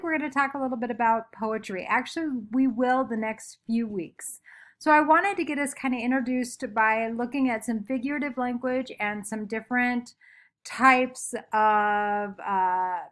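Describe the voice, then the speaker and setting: A woman's voice: a little high, fairly bright tone. A woman teacher giving a recorded lesson from home, chatty and upbeat, making playful sound effects.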